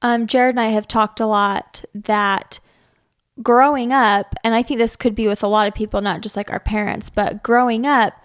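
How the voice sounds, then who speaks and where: A woman's voice: a little high, steady tone, moderate pace, clear, resonant tone. A young woman co-hosting a parenting podcast, chatting in a rambling way with lots of "like"s and restarts. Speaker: podcast co-host. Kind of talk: casual chat about parenting.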